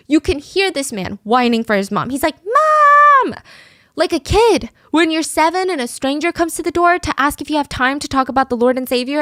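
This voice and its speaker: A woman hosting a true crime podcast, telling the case in an animated, indignant way. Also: a little high, no room sound, studio quality. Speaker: podcast host.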